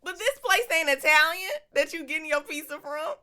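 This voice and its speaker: A woman hosting a podcast, asking questions in an animated way and laughing often. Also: high-pitched, brisk. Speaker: podcast host. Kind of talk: casual chat.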